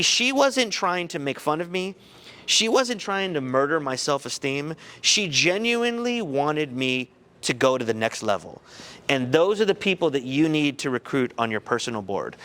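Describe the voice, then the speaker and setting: A man giving a motivational talk to high school students, telling a personal story in an animated, conversational way. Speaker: guest speaker.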